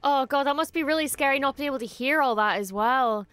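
A young woman hosting a casual reaction video, excitable and quick to swear and gush. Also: sits high, no echo. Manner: excitable, swears often, gushes.

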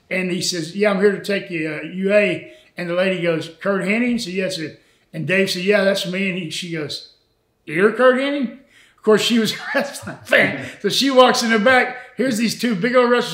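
A man's voice: high-pitched, fairly bright tone, roomy sound. An older man, a retired wrestler telling old road stories in an interview, folksy and full of laughs and fillers. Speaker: retired wrestler and former booker. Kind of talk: storytelling interview.

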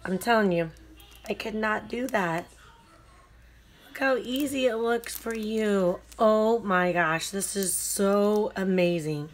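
A woman's voice: mid-range voice, takes it slowly, a little hiss or hum. Woman crafter unboxing a swap on video, takes her time, gushes oh my gosh nonstop, faint paper crinkling behind. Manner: gushing, effusive exclamations; talks to the sender directly. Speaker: craft vlogger.

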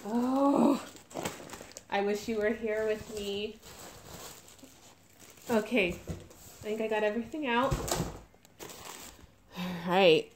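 A woman gushing emotionally as she unboxes a reborn doll, close to tears with excitement. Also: fairly high pitch, slow pace, pauses often, a little hiss or hum. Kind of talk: unboxing vlog.

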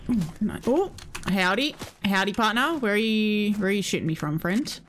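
A woman streaming a shooter game, chatting excitably to her viewers and giggling at her own plays. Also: medium pitch, normal speed, slight background noise. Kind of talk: casual gameplay commentary to viewers.

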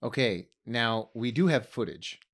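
A man's voice: medium pitch, animated, a little slow, fairly bright tone. A man co-hosting a casual podcast chat, joking and asking mock-incredulous questions. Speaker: podcast co-host.

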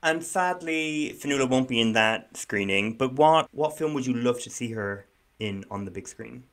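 A man's voice: medium pitch, expressive, moderate pace, fairly bright tone. Jokey, self-deprecating male co-host. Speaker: podcast co-host guessing in a quiz. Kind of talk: casual chat.

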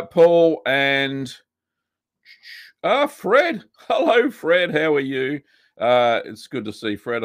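An Australian man hosting a casual live stream, chatting in a relaxed way and greeting viewers one by one. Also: mid-range voice, creaky, dry recording, clean studio sound.

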